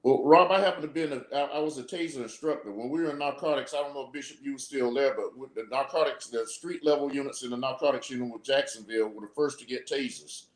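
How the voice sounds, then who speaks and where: A man's voice: mid-range voice, fast, few pauses. A man who is a former police officer, explaining steadily on a live video call and often repeating his words. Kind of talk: live video talk show discussion. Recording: echoey room.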